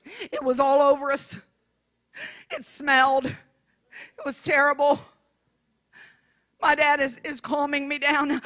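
A woman evangelist telling a folksy, humorous story in a sermon, swinging between hushed asides and shouted preaching. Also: high voice, slow pace, pauses often.

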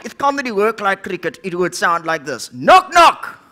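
A man voicing a brash, cheeky male puppet in ventriloquist stand-up comedy, loud and mocking, swearing and shouting the punchlines. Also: high-pitched, sing-song, moderate pace, background noise. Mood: mocking, ranting.

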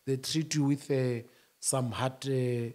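A man speaking as a union-leader guest, emphatic, rising to shouts and then dropping low. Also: fairly even intonation, slow pace. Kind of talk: animated interview talk.

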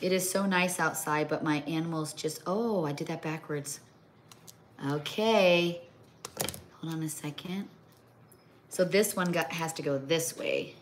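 A middle-aged Midwestern woman chats on a home livestream while her hands are busy with a craft. Her voice sits on the low side, and she rambles and trails off into asides. A faint hum of room noise stays under her speech. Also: a little slow, pauses often. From American Midwest. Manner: chatty, rambling, talks to her pets mid-sentence. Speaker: livestream host. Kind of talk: casual chat while crafting. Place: home kitchen or craft table.

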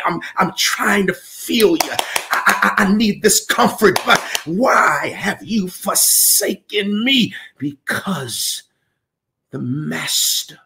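A male pastor preaching a sermon with impassioned fervor, his voice breaking into cries and shouts. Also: sits high, animated, slow pace, creaky, a little hiss or hum. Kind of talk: Pentecostal-style preaching.

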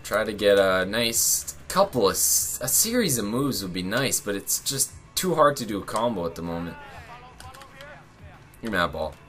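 A young man giving casual commentary over a soccer video game he is playing, loose and chatty, bursting into shouts and laughs at close plays. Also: lowish voice, very animated, normal speed, faint music behind. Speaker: gaming channel host.

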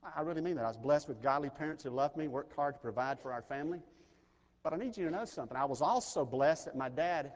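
Earnest preacher in a reverberant chapel. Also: male voice, fairly high pitch, fast talker. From Mississippi, US. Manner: earnest, personal storytelling with sudden swells of intensity. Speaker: pastor. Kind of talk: sermon. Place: large chapel. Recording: chapel recording with long reverb.

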